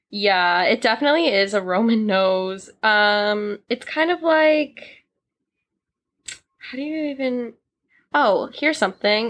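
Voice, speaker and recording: A woman's voice: fairly high pitch, lively intonation, measured pace, fairly bright tone, no echo. A young Canadian woman in casual podcast chat, rambling with lots of fillers and giggles.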